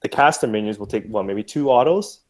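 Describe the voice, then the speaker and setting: A man co-hosting a casual gaming podcast, calmly explaining a gameplay point step by step. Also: on the low side, fairly quick. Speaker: podcast co-host.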